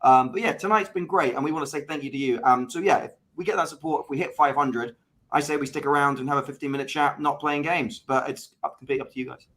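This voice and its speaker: A man's voice: a little high, fairly bright tone. A man co-hosting an online improv comedy livestream, talking upbeat and casually to viewers. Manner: quick, upbeat, thanks viewers.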